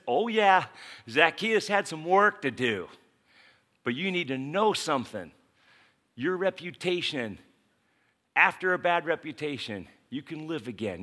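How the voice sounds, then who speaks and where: A pastor preaching a sermon, telling a Bible story in a lively way and acting out the characters. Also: male voice, fairly high pitch.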